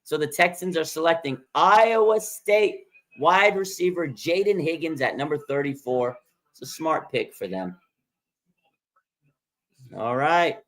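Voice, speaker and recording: A man hosting a live sports draft stream, excitable and rambling, repeating himself and laughing as picks come in. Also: a little high, a little slow. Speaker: livestream host. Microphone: streaming microphone.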